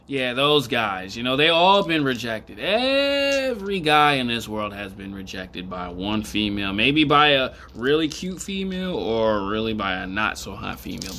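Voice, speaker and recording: A man vlogging in casual commentary, rambling and chuckling, animated and emphatic as he talks straight to viewers. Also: mid-range voice, slight background noise.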